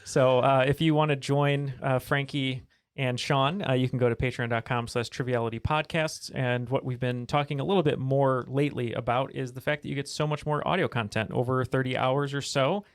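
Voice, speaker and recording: A man's voice: mid-range voice, brisk, hardly any pauses, clean tone, no echo, clean studio sound. A man hosting a trivia podcast, talking casually with frequent "uh" and "um" as he reads a sponsor plug. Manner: relaxed, lots of "uh" and "um". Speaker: podcast host.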